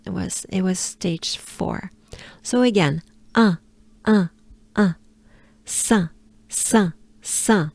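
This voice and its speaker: A woman from France with a French accent, patiently teaching pronunciation and drawing out each sound in slow demonstrations. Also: medium pitch, gravelly, a little mellow, no room sound.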